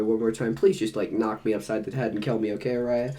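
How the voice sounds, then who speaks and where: A man chats on a casual read-along podcast at an ordinary middle pitch. He jokes at his own expense and swears freely. He is sick with covid. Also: fast talker, mellow. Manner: swears freely, jokey and self-mocking. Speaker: podcast co-host.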